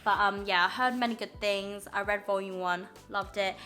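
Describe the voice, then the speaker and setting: A woman's voice: medium pitch, fairly even intonation, moderate pace, pushed and bright, soft background music. A young woman chatting casually through a manga haul, gushing and filling with lots of ums and likes. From United Kingdom. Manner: chatty and gushing, many fillers. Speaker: manga vlogger.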